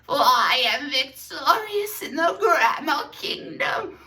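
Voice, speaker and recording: A man's voice: extremely high pitch, big pitch swings, takes it slowly, far from the mic, noisy background, voice pushed up, full character voice. A man putting on the voice of a grandiose, triumphant ruler, crying out his proclamations in an over-the-top way.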